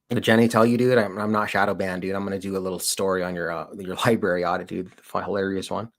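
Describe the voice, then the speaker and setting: This Colorado-based livestream host and auditor talks fast with hardly any pauses, his low voice fairly even in intonation and a bit bright. He chats casually with viewers, rambling and slangy, packing in "dude" and "like."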